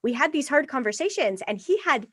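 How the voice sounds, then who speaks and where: Fairly high-voiced woman on a podcast, dry close sound, chatty and animated, acts out her own thoughts. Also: a little fast, dry recording. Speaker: podcast guest. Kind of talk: candid interview conversation.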